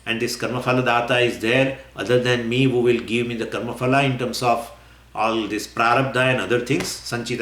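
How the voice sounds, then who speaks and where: A man teaching scripture in a lecture. He talks in an animated way, acts out imagined questions and often chuckles. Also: medium pitch. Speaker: spiritual teacher. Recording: roomy echo.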